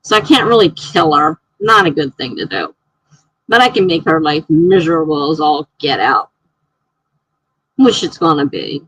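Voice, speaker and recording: A chatty woman running a writing livestream, her voice gravelly with a husky edge. She laughs a lot, thinks out loud and reads comments to her viewers. The sound is dry and close. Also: on the low side, no room sound, rough recording. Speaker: writer hosting a livestream. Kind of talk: casual livestream chat, reading viewer comments aloud.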